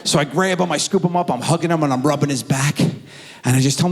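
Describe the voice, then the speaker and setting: A man's voice: fairly high pitch, quick pace. A middle-aged man doing stand-up comedy, telling stories and putting on his kids' voices. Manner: animated storytelling with voiced impressions of his kids. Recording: theater recording with long hall reverb.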